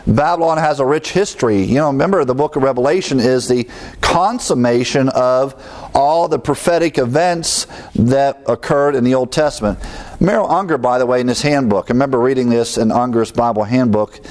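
A man's voice: mid-range voice, a little fast, darkish tone. A man teaching a Bible sermon in a conversational way, with asides and small chuckles at his own remarks. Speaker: pastor.

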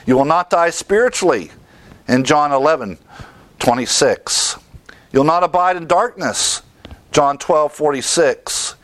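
A man's voice: a little high, animated, measured pace, fairly bright tone, no echo. A man giving expository Bible teaching in a conversational way, repeating key words for emphasis and rattling off lists of verse references.

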